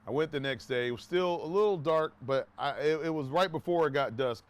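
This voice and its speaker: A man's voice: on the high side, a little fast. A man casually telling a personal story to his viewers, rambling with restarts and asides, and acting out quoted talk in a raised voice. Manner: acts out quoted dialogue in a raised voice.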